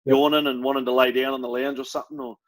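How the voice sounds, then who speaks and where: A man's voice: medium pitch, flat delivery, very fast, poor audio. A young Australian man co-hosting a podcast, chatting casually, bluntly and enthusiastically, with some swearing. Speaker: podcast co-host. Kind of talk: casual chat.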